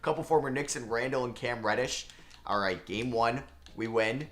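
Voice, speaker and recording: A man doing video game commentary, reacting with excitement and frustration as he plays through a basketball simulation. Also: medium pitch, normal speed, faint music behind. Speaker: gaming video creator.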